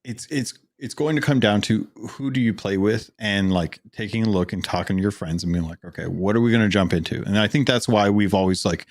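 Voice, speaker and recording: A man's voice: fairly low pitch, brisk, hardly any pauses, dry recording, studio quality. A man co-hosting a podcast, chatting casually about video games, rambling with lots of fillers and restarts. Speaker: podcast co-host. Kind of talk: casual gaming chat.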